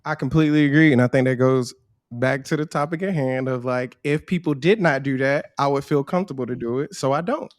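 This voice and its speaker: A man hosting a casual chat, relaxed and keeping the talk on track. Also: mid-range voice, brisk, dry recording, studio quality. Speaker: host.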